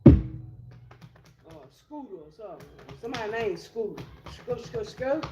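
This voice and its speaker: A woman's voice: high-pitched, highs cut off. A woman doing a casual tarot reading in a blunt, profane, streetwise way. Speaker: tarot reader. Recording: echoey room with loud music.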